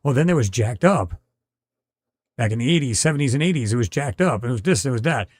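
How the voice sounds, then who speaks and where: A man's voice: medium pitch, expressive, fairly quick, no room sound. A middle-aged man hosting a live podcast, chatting casually and reading out viewer comments in a rambling way with many restarts.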